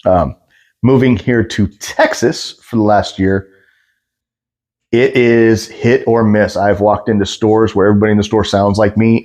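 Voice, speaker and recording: A man from the Pacific Northwest with a general American accent, chatting casually with many fillers as he reacts to a video. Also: fairly low pitch. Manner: relaxed, explains at length with many fillers. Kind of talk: casual commentary.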